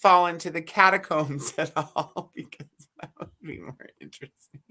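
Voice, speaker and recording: A man's voice: on the high side, moderate pace, sharp tone. A man chatting casually with a friend on a stream, teasing and cracking crude jokes while laughing. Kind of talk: casual chat.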